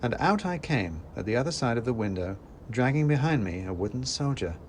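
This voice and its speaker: A man's voice: mid-range voice, a little fast, slight background noise. A man narrating a scripted first-person story in a dry, wry manner. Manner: dry and wry, with lively acted quotes.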